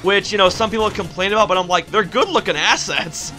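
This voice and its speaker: A man giving casual gameplay commentary as a let's play host, excitable and laughing often, breaking off mid-sentence. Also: sits high, rapid-fire, faint music behind.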